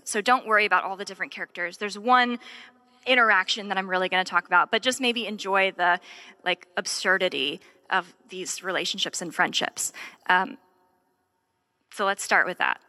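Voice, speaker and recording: A woman's voice: mid-range voice, normal speed, pushed and bright. A woman giving an earnest, conversational sermon to a congregation. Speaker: church speaker. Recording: reverberant hall.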